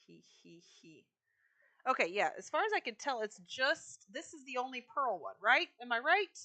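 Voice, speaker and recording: A woman streams a game and chats casually with her viewers as she works. Her voice is fairly high, bright and forceful. She talks in a loose, chatty way and answers the chat as she goes. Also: sing-song, normal speed. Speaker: live streamer.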